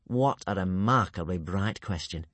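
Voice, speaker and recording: A sly, smooth-talking male swindler, all soft ingratiating politeness, as a man reads him in a storybook. The voice sits low and quiet, husky at the edges. It is close and dry with no room sound. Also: measured pace, no room sound. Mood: smarmy.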